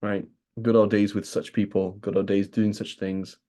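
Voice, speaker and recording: British man teaching, mellow low voice. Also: little pitch movement, normal speed. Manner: keeps asking "right?", acts out imagined speakers. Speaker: religious teacher. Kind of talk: conversational lesson.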